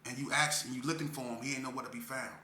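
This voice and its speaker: Fast and sharp, with a steady tone in the mid-range, a man speaks over slight background noise. He has a Las Vegas street-speech accent and tells parents his story earnestly and emotionally, repeating phrases to stress his point. The recording echoes, with faint room ambience.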